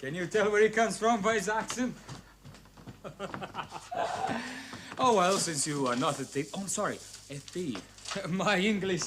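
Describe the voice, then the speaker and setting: An actor playing a smug, menacing Italian gangster with an Italian accent, mocking and laughing slyly in a 1970s TV crime drama. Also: male voice, high-pitched, unhurried, long pauses, noisy background. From Milan, Italy.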